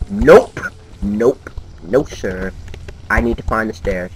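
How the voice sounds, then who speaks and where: A man's voice: fairly low pitch, slow pace, soft background music. A man giving nervous, jumpy let's-play commentary while talking to himself. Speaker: gamer. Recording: noisy home game recording.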